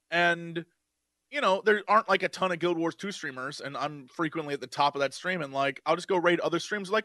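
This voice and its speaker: A man's voice: high voice, pushed and bright, dry recording, clean studio sound. A man co-hosting a podcast in casual chat, eager and upbeat, laughing often. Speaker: podcast co-host.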